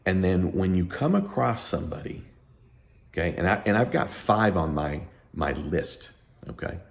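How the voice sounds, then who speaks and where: Middle-aged accountant, animated rant to camera, lively swinging delivery with a deep voice, running on little sleep. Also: male voice, moderate pace, creaky. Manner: emphatic, ranting, animated. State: sleep-deprived. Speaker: accountant and tax educator. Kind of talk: heated unscripted talk to camera.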